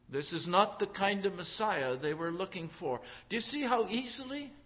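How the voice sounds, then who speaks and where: A preacher delivers a sermon in a high, bright voice, emphatic and forceful throughout. He piles up repeated phrases for emphasis and swings into acted-out crowd voices, as if quoting them.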